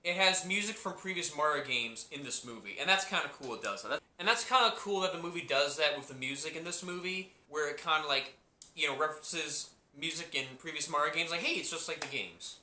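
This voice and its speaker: A man's voice: fairly high pitch, a little fast, sharp tone, reverberant. A man giving a casual spoken movie review, rambling and repeating himself with many restarts.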